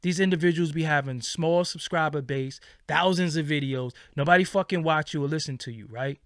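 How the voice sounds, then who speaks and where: Animated, profane male storyteller. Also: on the high side, a little fast, clear, resonant tone, no echo, clean studio sound. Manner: animated, profane, acts out quoted lines. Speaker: channel host. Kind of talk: casual storytelling.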